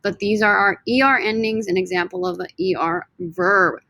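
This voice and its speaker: A woman's voice: medium pitch, fairly even intonation, moderate pace, sharp tone, no room sound, rough recording. A woman teaching a recorded Spanish grammar lesson, explaining step by step and drilling words for students to repeat.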